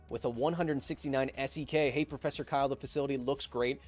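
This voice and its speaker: A man's voice: mid-range voice, fairly even intonation, quick pace, hardly any pauses, soft background music. A man hosting a casual livestream, reading out viewer donations and answering them with playful, self-mocking jokes.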